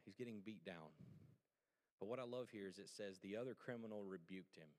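A man preaching a sermon as pastor, animated and conversational, with joking asides to the congregation. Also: fairly low pitch, fairly quick, long reverb tail.

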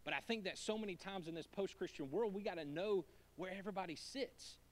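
A man preaching a sermon in a church, conversational and joking, going from hushed asides to emphatic lines. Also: sits high, brisk. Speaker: pastor.

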